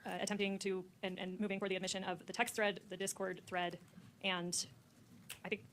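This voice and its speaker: A woman's voice: mid-range voice, level tone, a little fast, fairly bright tone, slight background noise. A woman prosecutor arguing formally in court, heard from a courtroom feed. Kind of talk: courtroom argument.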